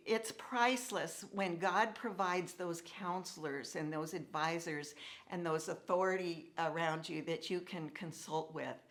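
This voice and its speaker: A middle-aged woman telling a personal story to an audience, acting out the dialogue she quotes. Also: fairly low pitch. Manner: animated, acts out quoted dialogue. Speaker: speaker telling her story.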